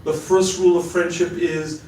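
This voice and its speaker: Throat-clearing rabbi in an echoing hall. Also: male voice, a little high, normal speed, slight background noise. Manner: animated storyteller, frequently clears throat. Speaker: rabbi giving a marriage seminar. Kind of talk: sermon-like lecture with storytelling. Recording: echoey hall, mic far off.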